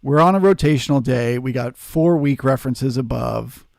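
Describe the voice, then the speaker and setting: A man's voice: medium pitch, moderate pace, creaky, a little mellow, no echo, studio quality. A man hosting a live trading stream, answering chat and coaching viewers in an earnest, emphatic way. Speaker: trading livestream host.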